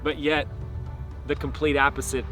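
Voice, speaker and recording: A man preaching, retelling a parable in an animated storytelling manner with emphatic pauses. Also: on the high side, soft background music.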